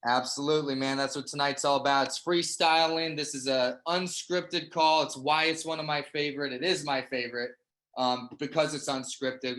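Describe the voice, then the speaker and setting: A man's voice: medium pitch, pushed and bright. A man hosting a sales testimonial call, enthusiastic and full of praise, ending phrases with "man". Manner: enthusiastic, repeats "man" a lot. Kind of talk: energetic pep-talk interview. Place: online group call.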